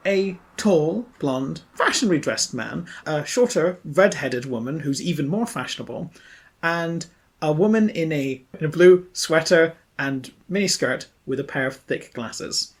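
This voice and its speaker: A man's voice: a little high, lively intonation, measured pace. A man running a tabletop role-playing podcast as game master, narrating scenes and laughing often.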